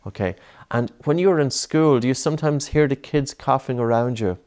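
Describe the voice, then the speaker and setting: A man coaching a child through breathing exercises, patient and encouraging, with many gentle repeated prompts. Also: medium pitch, moderate pace, smooth.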